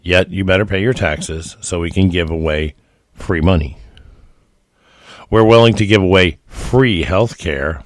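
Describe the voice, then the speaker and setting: Man, deep voice, folksy opinionated podcast commentator, emphatic, dry recording. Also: a little slow, no echo. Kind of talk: opinionated solo monologue.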